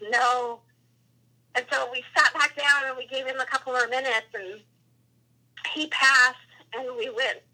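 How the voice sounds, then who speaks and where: A woman's voice: fairly high pitch, low-quality recording. A woman guest telling a hunting story in a casual interview, acting out what each person said. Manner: animated, acts out quoted dialogue.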